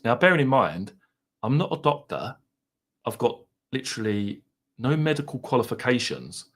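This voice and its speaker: A man's voice: medium pitch, big pitch swings, a little slow. A middle-aged man with an Essex accent, chatting casually on a livestream, reading out viewers' comments and musing aloud in a self-deprecating way. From Essex, England. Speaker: livestream host. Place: home.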